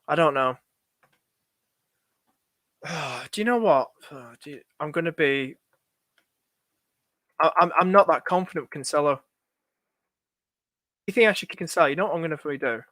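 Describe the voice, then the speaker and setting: Bright-voiced man streaming live. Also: on the high side, no room sound, studio quality. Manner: thinking aloud, anxious and chatty, talking to chat. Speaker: fantasy football streamer. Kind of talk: live stream chat with viewers.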